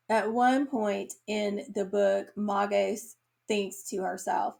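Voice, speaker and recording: A woman reviewing books on her vlog, talking in a slow, earnest and emotional way, tearing up at times. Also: medium pitch, steady tone, gravelly, darkish tone. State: tearful. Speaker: book reviewer. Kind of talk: casual book review vlog.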